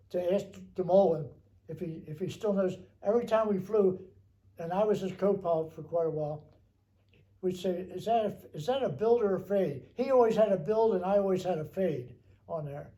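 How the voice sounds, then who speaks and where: An older man with a high, mellow voice recounts his memories. He rambles, stops often and restarts his sentences as he goes. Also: low-quality recording. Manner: rambling, halting, with many restarts. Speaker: veteran interviewee.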